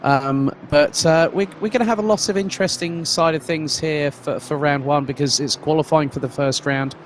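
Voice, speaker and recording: A man's voice: fairly high pitch, moderate pace, a little hiss or hum. A man doing lead commentary on a sim race stream, chatty and loose, with fillers and restarts. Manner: conversational, fillers and restarts, reads out viewer comments.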